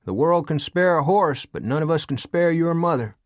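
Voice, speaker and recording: Out of a dry, close audiobook read comes a calm, drawling older frontier uncle, as a male narrator puts him on, a touch higher than the reader's own voice. He talks in a plain rural way and never seems rattled. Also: moderate pace, no room sound, natural voice.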